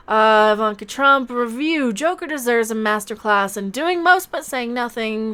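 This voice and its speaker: A woman with a slightly high voice hosts a casual livestream. She talks in a sarcastic, mocking way and laughs often. She jumps between loud outbursts and low mutters. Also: clean tone. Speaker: YouTube channel host.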